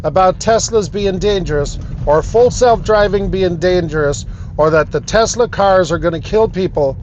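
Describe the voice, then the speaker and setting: A man's voice: high-pitched, normal speed, darkish tone, a little hiss or hum. A man talking to camera from his own car, indignant and emphatic, repeating himself for effect. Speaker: vlogger.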